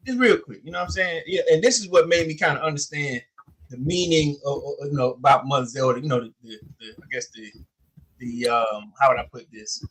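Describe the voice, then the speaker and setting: A man in his forties telling a story in casual chat, animated, acting out the quotes with many fillers. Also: medium pitch, fairly quick. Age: 40s. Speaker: podcast co-host.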